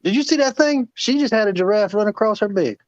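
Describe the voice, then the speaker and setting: A high-voiced man from North Carolina clowns his way through a live chat, forever dropping into impressions. His voice sounds dry and muffled, like online call audio. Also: lively intonation, fast, dry recording.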